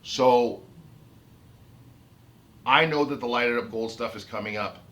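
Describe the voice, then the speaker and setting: A man's voice: medium pitch, measured pace, a bit bright. A man ranting about his autism in an unscripted vlog, heated and emphatic, repeating and restarting his phrases. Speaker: autistic vlogger. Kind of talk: unscripted rant to camera.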